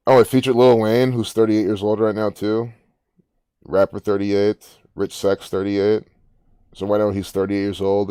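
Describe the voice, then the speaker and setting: A man's voice: on the low side, warm tone, clean tone, dry recording, studio quality. A man hosting a casual commentary, rambling and musing aloud with frequent restarts. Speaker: gematria channel host.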